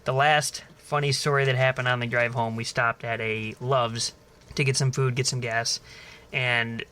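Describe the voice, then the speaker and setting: Man, casual podcast co-host, bright tone, lively storyteller who swears a lot. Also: medium pitch, moderate pace, smooth. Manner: animated storyteller, swears freely, acts out voices in anecdotes. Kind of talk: casual chat.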